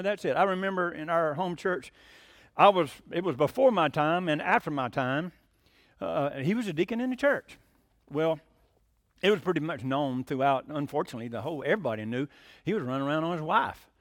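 Folksy preacher, high voice. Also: male voice, no echo, studio quality. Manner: folksy storytelling, asks congregation questions. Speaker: pastor. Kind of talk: sermon.

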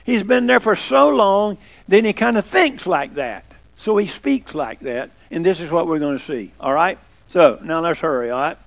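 A man's voice: a little high, animated, normal speed, vocal fry. An older man preaching a folksy sermon, chatting with the congregation and asking them questions. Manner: conversational, asks the congregation questions.

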